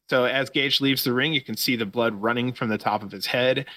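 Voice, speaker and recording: A man hosting a casual podcast, talking through a recap in loose, profane play-by-play. His voice is bright and forceful, recorded close and dry with no room sound. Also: mid-range voice, moderate pace, hardly any pauses, no room sound. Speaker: podcast host.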